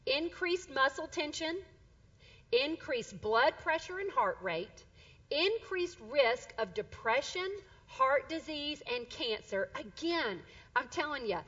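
A middle-aged woman preaching with a high, bright voice that carries a story along with animated energy and ready laughter. The recording sounds dull and lo-fi. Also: takes it slowly. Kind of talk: sermon.

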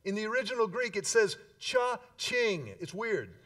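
A man preaching a sermon as pastor, emphatic and energetic, with playful asides to the congregation. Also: high voice, normal speed, far from the mic.

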